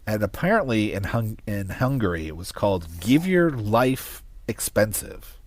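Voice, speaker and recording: A man co-hosting a movie podcast, passing on trivia he looked up in a relaxed way. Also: on the low side, normal speed. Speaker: podcast co-host. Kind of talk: casual movie discussion.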